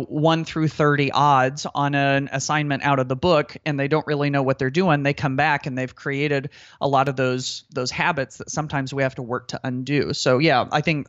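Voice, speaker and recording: A man's voice: a little high, fairly even intonation, moderate pace, fairly bright tone, no echo. A man who is an educator and author, talking earnestly in a podcast interview and explaining his ideas at length. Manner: earnest, explanatory, repeats words when thinking. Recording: dry, slightly dull sound.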